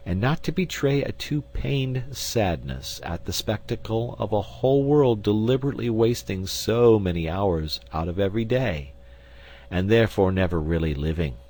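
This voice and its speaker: Low-voiced man reading an essay aloud. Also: lively intonation, darkish tone, rough recording. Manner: measured, formal reading. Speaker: audiobook reader. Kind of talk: scripted narration of an essay.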